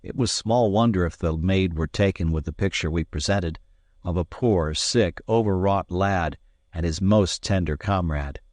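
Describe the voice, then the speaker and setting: A low-pitched man narrates an adventure novel for an audiobook, reading scripted narration in a measured, expressive storytelling style. The sound is clean studio quality with no echo.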